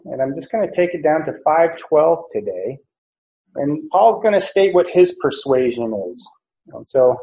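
A man teaching a Bible passage as a pastor, slow and deliberate, with many pauses and fillers. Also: a little high. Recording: echoey room, dull lo-fi sound.

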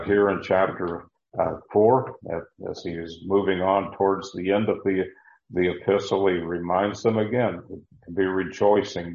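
A man giving a deliberate verse-by-verse Bible teaching, with frequent fillers and repeated words. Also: low-pitched, darkish tone, roomy sound, muffled recording.

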